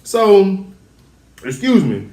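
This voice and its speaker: A man casually recapping a TV episode, chatty and animated as he acts out the characters' lines. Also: sits high, very slow. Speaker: show recap host. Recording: echoey room.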